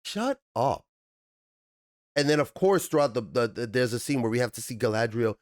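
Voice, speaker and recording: A man hosting a TV review channel, ranting in an animated, profane way and jumping up into high, exasperated bursts. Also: fast talker, no echo, studio quality.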